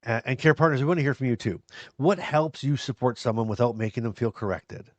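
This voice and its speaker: A man's voice: mid-range voice, fast, no echo. A man hosting a podcast, talking to his viewers in an earnest, encouraging way with some self-deprecating humor. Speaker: podcast host. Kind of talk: casual podcast talk to viewers.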